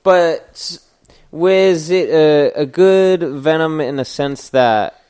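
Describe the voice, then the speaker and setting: A man's voice: on the high side, slow, a little mellow, clean tone. A young man co-hosting a podcast in casual chat, laid-back and giggly, often trailing off mid-sentence. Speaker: podcast co-host.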